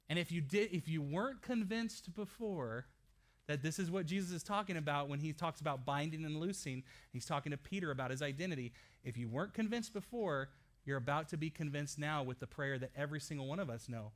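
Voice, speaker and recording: High-voiced man preaching a sermon. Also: lively intonation, a little fast, fairly bright tone. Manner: storytelling, rising to passionate preaching. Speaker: pastor.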